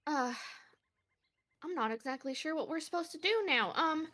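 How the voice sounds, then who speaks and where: A woman's voice: sits high, animated, moderate pace, a bit bright. A woman voicing a flustered female caretaker of children in a put-on Southern accent, folksy and hesitant, in a tabletop role-play.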